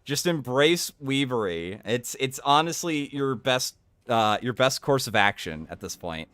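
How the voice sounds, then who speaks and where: A man's voice: mid-range voice, big pitch swings, a little slow, fairly bright tone, clear, resonant tone, dry recording. A man doing casual reaction commentary, interrupting with crude, rambling and mocking remarks. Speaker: streamer commentator.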